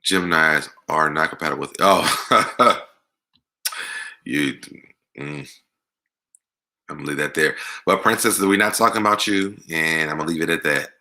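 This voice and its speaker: Man, deep voice, very bright tone, casual livestream host, chatty, laughs often. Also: normal speed, pauses often. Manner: chatty, laughing, reads comments aloud and answers them. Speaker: livestream host reading viewer comments. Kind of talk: casual chat.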